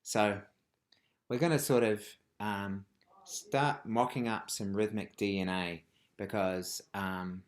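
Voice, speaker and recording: A man with a fairly low voice leads a rhythm workshop over a video call. He talks in a playful way, chanting rhythmic words and swinging from loud calls to near whispers. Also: fairly even intonation, slow pace. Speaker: music teacher. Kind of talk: live online rhythm workshop.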